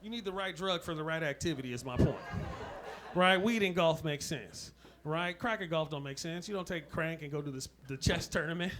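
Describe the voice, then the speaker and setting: A man's voice: on the high side, a little fast, a bit bright. Loose, laughing male stand-up comic. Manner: loose, laughing, punchy crowd banter. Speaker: stand-up comedian. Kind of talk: stand-up comedy set. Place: comedy club stage. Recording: noisy live club recording.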